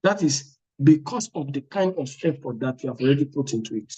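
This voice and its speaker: Brisk and expressive, this medium-pitched male voice sounds mellow yet slightly rough. He's an exam prep tutor delivering a motivational class talk, stressing his points, repeating words, and regularly asking "are you with me?"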